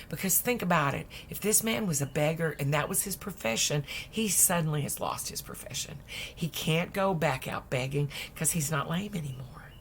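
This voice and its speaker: Lively, low-voiced woman preacher. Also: unhurried, a little hiss or hum. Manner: lively, acts out voices, drops to whispers. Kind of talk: storytelling sermon.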